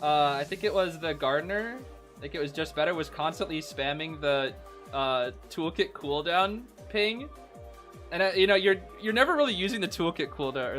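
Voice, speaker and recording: A young man streaming and co-casting an esports match in excited, casual commentary. He repeats himself, laughs often and keeps saying "bro.". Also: fairly high pitch.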